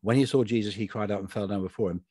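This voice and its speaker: A man's voice: lowish voice, rapid-fire, darkish tone, breathy edge, no echo, clean studio sound. A man co-hosting a casual talk on a Bible passage, thinking aloud with restarts and little laughs. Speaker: podcast co-host.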